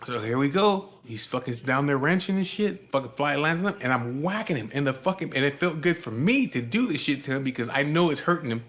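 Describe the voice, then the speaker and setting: A man's voice: on the high side, animated, brisk, few pauses, a bit bright. A man telling a story in a casual, profane, laid-back way.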